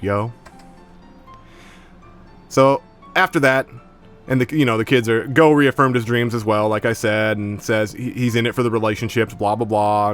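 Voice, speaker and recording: A man's voice: mid-range voice, a bit bright. A man giving a casual, slangy episode recap as an anime reviewer, with profanity and lots of fillers.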